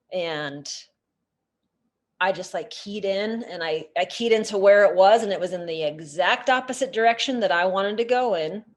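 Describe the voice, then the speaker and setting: Animated woman telling a nature story. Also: medium pitch. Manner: animated, chatty, many fillers. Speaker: nature educator. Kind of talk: storytelling lecture.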